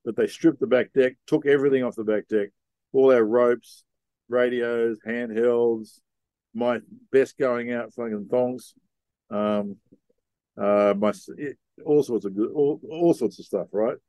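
A middle-aged man, telling a story in a relaxed, rambling way with slang, as a podcast guest. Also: mid-range voice, a little slow, no room sound. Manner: laid-back, rambling, with Aussie slang. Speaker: podcast guest, sea captain. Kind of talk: casual storytelling.

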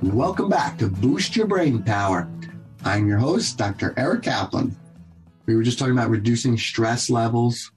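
Guy doctor hosting a health talk show, kinda husky voice, earnest, keeps repeating himself. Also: medium pitch, a little mellow. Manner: earnest, repetitive coaching tone with quick bursts. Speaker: radio show host and doctor.

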